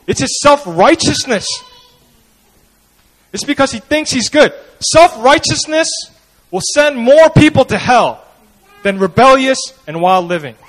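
A young male pastor giving a casual, conversational sermon. His voice sits unusually high for a man and moves a lot in pitch. He slips into quoted voices and asks the crowd "you know what I mean?". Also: sing-song, measured pace, a bit bright, rough recording.

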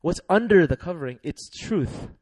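A young man preaching a sermon in a lively, laughing way, leading the congregation in call-and-response. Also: a little high, moderate pace, husky, no echo.

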